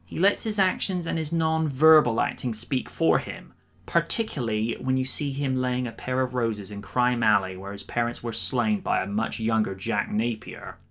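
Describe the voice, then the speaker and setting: A man narrating a scripted film review with measured, admiring commentary. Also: mid-range voice, vocal fry, a bit bright.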